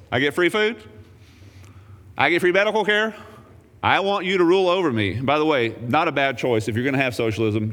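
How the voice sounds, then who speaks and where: Animated male preacher in a reverberant hall. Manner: animated preaching, swinging from loud raised emphasis to quiet low asides; wry, joking asides. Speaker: pastor. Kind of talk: sermon.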